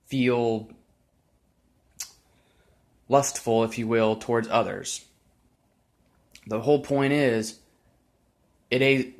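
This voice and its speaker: A man vlogging an unscripted, sarcastic rant, full of exasperated repetition and challenges to his viewers. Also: medium pitch. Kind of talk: unscripted ranting monologue.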